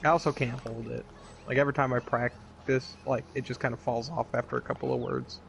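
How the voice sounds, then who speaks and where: Gravelly young man running a tabletop game. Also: medium pitch, fairly even intonation, a little fast, fairly bright tone, a little hiss or hum. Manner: joking, chatty, many fillers. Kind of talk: casual chat among tabletop players.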